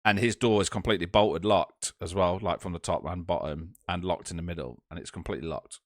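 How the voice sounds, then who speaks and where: A young man, telling a ghost story in casual podcast chat, swearing freely and laughing loudly. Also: low voice, a little fast, dry recording, clean studio sound. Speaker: podcast co-host.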